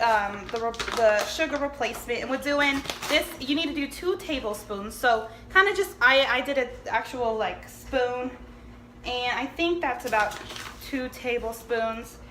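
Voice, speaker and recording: A woman putting on a loud, chatty New Jersey housewife, fronting a homemade cooking show with a high voice. She rambles off topic, curses freely and calls everyone honey. The kitchen sounds echoey, with a little background hiss. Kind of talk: comedic cooking sketch. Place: home kitchen. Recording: echoey room with faint background noise.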